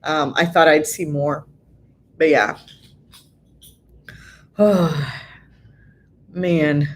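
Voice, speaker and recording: A middle-aged Southern California woman with a deep, steady voice hosts a live stream. She chats casually while reading viewer comments, laughing often and filling pauses with lots of ums.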